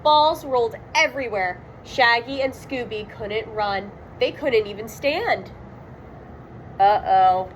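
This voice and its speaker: Slow, high-voiced woman reading a storybook. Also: a little hiss or hum, poor audio. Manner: expressive, with dramatic emphasis on sound words. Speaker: storybook reader. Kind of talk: children's read-aloud narration.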